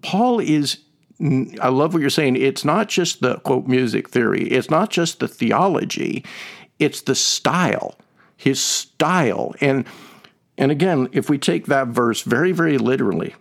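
A man's voice: medium pitch, animated, unhurried, gravelly. A man co-hosting a Bible discussion podcast, talking conversationally and emphatically, with many fillers and musical analogies. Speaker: podcast co-host teaching on scripture.

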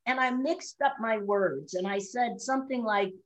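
Woman, middle-aged, slightly high voice, animated storyteller, casual chat, laughs often. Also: moderate pace, poor audio. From Chicago area.

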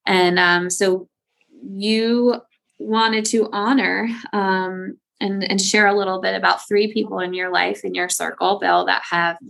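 Gravelly, flat-voiced woman host. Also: medium pitch. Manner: gentle, halting phrasing with restarts. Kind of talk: interview.

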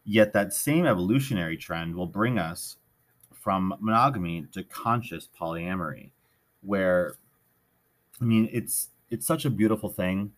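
A man's voice: low-pitched, unhurried. A man hosting a podcast alone, talking in an earnest, rambling way, often correcting himself, with the hiccups. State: has the hiccups. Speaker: podcast host. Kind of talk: casual solo podcast monologue.

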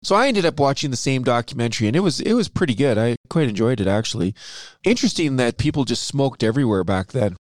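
A man's voice: medium pitch, animated, fast talker, dry recording. An upbeat man chats through an investing podcast as co-host. His voice sits in a middle register. The sound is dry and close, with no room around it. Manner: upbeat, chatty, self-aware about his "radio voice". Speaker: podcast co-host, financial advisor. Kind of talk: casual chat.

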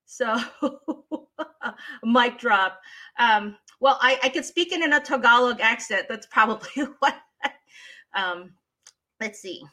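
A woman from the Philippines talks about her teaching and voice work in a bright, forceful voice. She tells her stories expressively, like a practiced read-aloud teacher, speaking casually as an interview guest. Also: on the high side, slow, pauses often. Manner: animated storyteller, expressive. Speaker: guest, voice talent, former teacher.

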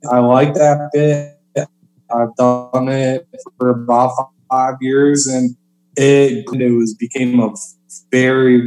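A man's voice: mid-range voice, a little mellow. Male stand-up comic guest, loose conversational delivery, mid-range voice, roomy reverb. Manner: chatty, fills with "like" and "you know". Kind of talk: casual podcast conversation.

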